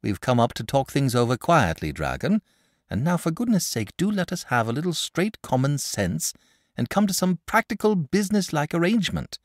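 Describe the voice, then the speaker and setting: A man's voice: mid-range voice, no echo, studio quality, pitched above the performer's own voice. A man voicing an eager, blunt little boy in a storybook reading. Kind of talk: audiobook character voice.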